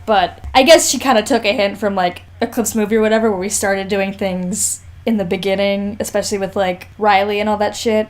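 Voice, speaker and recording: Woman co-host, middle pitch, relaxed chatty podcast talk. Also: fairly quick, hardly any pauses. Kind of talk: casual chat.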